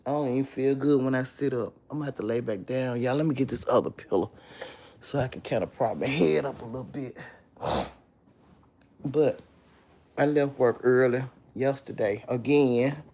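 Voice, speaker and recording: The voice is a woman's, extremely low in pitch, warm in tone, and moderately paced. Bedridden with a chest cold, she does casual live-stream chat on her phone, naming viewers as she greets them and calling them baby.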